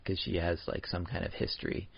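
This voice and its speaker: A man's voice: sits low, level tone, fairly quick, gravelly, slightly rough. A man co-hosting a podcast in casual chat, laid-back, laughing often and trailing off mid-thought. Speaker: podcast co-host. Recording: dull lo-fi sound.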